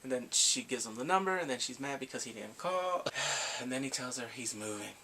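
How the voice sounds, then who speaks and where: A man giving a casual, animated recap of drama episodes, laughing and acting out the characters' lines. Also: medium pitch, brisk, slight background noise. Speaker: drama reviewer.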